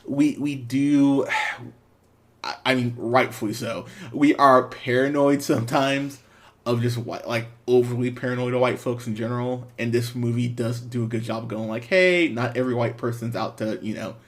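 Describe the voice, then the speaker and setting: Animated man rambling through a movie review. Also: medium pitch, normal speed. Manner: rambling, animated, laughs often, fillers and restarts. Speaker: podcast host, movie reviewer. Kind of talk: casual spoken movie review.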